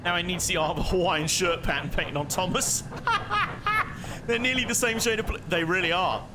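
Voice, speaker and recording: A man's voice: sits high, lively intonation, moderate pace, background noise. A man giving casual, chatty live commentary while streaming a game, muttering to himself and laughing often.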